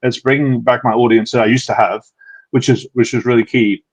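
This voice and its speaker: Man, Australian accent, quick rambling delivery, mid-pitched, casual live-stream Q&A, video call. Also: steady tone, husky, rough recording. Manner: fast and rambling, frequent fillers and restarts. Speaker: dating coach, live Q&A host.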